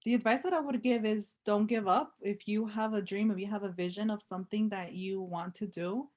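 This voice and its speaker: A woman business owner chats as an interview guest, expressive and fond of telling little stories. Her voice sits at a middle pitch for a woman. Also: brisk. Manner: expressive, self-described dramatic, storytelling. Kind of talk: casual interview chat.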